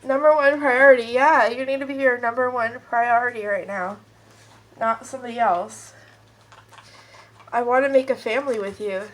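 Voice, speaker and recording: Over a rough recording, a woman with a slightly high voice and fairly even intonation speaks at a moderate pace, sniffly and stuffed up. At home near her kids and a puppy, she gives a casual pick-a-card tarot reading, rambling and chatting right to her viewers.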